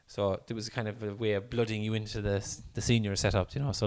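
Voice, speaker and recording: A man's voice: lowish voice, flat delivery, fast, a little mellow, clear, resonant tone. An Irish man chatting casually on a podcast, telling stories with frequent laughter and some swearing. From Ireland. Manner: laughing storyteller, swears freely. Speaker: podcast co-host.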